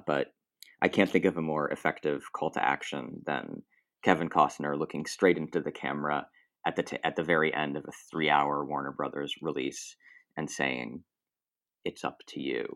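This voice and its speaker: A man's voice: rumbling low, a little fast, gravelly, fairly bright tone. A man talking as a film critic guest on a podcast, thoughtful and rambling, with restarts and asides.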